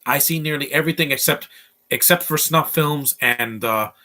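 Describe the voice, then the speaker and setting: A young man in his twenties talks over a movie as he watches it at home, with a bright, forward voice. He speaks bluntly and rambles, restarting his sentences often as his opinions tumble out. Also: fairly high pitch, moderate pace. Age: 20s. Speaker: movie commentator. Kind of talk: casual live movie commentary.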